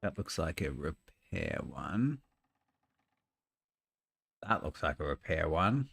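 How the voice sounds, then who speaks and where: A man's voice: extremely low pitch, big pitch swings, slow pace, vocal fry, a bit bright, husky. A man giving casual gameplay commentary, thinking aloud as he plays, often mumbling and trailing off. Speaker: gameplay streamer.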